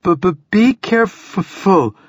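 A man's voice: medium pitch, animated, moderate pace, a bit bright, dry recording, studio quality, pitched above the performer's own voice. A man reading an audiobook, voicing a spirited young girl who later stutters through chattering teeth. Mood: shivering.

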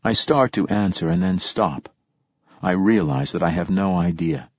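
A man giving steady, reflective first-person audiobook narration. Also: sits low, normal speed, husky, no room sound. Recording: dull, dry lo-fi recording.

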